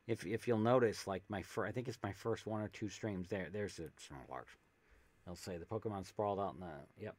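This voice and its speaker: A man's voice: lowish voice, brisk, darkish tone. A man streaming a video game, chatting casually and reading game text aloud with jokey asides, on a desk microphone. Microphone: desk USB microphone with pop filter.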